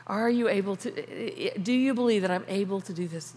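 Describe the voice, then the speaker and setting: A woman's voice: mid-range voice, normal speed, a little mellow, slightly rough. A woman giving a conversational sermon on prayer, talking informally, restarting phrases and laughing often. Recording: long reverb of a large hall.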